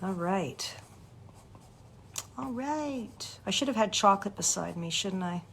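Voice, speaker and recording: A woman's voice: measured pace, vocal fry, slight background noise. A woman from Canada, a voice actor and coach, chatting casually with fans on a livestream and thanking viewers by name. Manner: animated, jumps up in pitch for emphasis.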